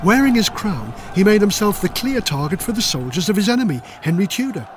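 Older guy reading a kids' history book, fairly high voice, bouncy and dramatic, faint music. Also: big pitch swings, a little fast. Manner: playful, dramatic storytelling. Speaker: author reading his own book. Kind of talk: audiobook narration for children.

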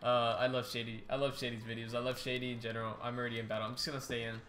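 A young man hosting a casual let's-play, excitable and rambling, often restarting his sentences. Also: medium pitch, racing. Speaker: YouTube gaming host.

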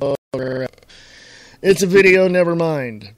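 A man hosting his own talk radio show, chatting in a rambling, casual way and clearing his throat often. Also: a little high, a little slow.

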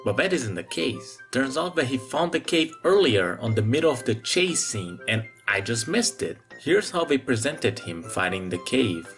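Animated sarcastic movie reviewer. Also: medium pitch, moderate pace, few pauses, soft background music.

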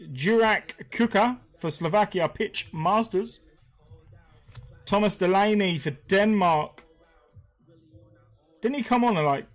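A man's voice: high-pitched, low-quality recording. A British man hosting a live stream, chatting casually, reading names aloud and chuckling often. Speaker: host.

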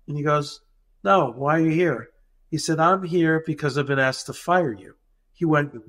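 Animated man telling a story. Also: on the high side, moderate pace. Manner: animated, acts out dialogue in the retelling. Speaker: dental practice consultant. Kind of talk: storytelling anecdote in a podcast interview.

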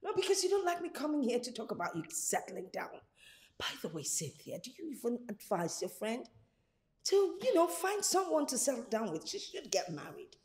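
A woman's voice: fairly high pitch, very animated, moderate pace, a little mellow. An actress playing a theatrical African mother who nags young women about getting married. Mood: nagging. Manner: theatrical, wailing and laughing, nagging. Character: pushy dramatic African mother, older woman.

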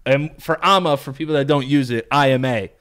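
A man's voice: mid-range voice, a little fast, a bit bright, smooth. A young man co-hosting a podcast, talking in loose, profane casual chat and jumping into silly voices. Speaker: podcast co-host.

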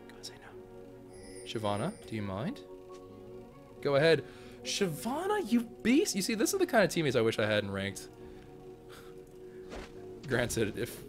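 An excitable man chatting through his gameplay in a casual, joking way, his pitch leaping all over the place. He keeps breaking into high yelps and shouts. Faint game music plays underneath. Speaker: gaming channel host.

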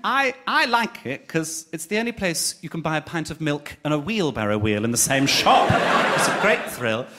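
A man's voice: a little high, very animated, normal speed, pushed and bright. A man, doing live stand-up comedy with camp, teasing banter and giggles at his own jokes. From Birmingham, England. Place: theatre stage with laughing audience. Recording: noisy live audience recording.

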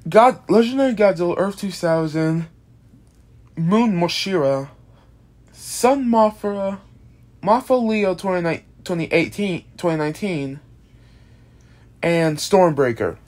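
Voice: medium pitch, animated, slow pace, pauses often, a little mellow. Tired, foul-mouthed creator rambling through a casual monster-character explainer. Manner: rambling, restarts often, swears casually. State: tired, yawning. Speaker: video creator presenting an original monster character.

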